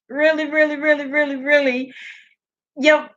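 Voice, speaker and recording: A woman's voice: mid-range voice, a little slow, bright, forceful tone, dull audio. A sleepy woman hosting a casual live stream, rambling, laughing and answering comments from her chat.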